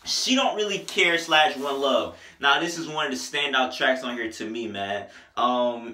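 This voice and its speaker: A man's voice: mid-range voice, animated, moderate pace, hardly any pauses, pushed and bright, echoey room. A young man reviewing an album in a loose, joking, slangy way, breaking into bits of song. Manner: loose, joking, slangy, sings snippets of songs. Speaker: music reviewer. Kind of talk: casual album review vlog.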